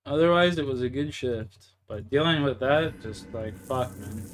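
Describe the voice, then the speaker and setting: A man's voice: medium pitch, normal speed, a little hiss or hum. A young man with a Canadian accent, venting in a heated, profanity-heavy rant to his livestream chat while gaming. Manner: profane, heated, frustrated ranting.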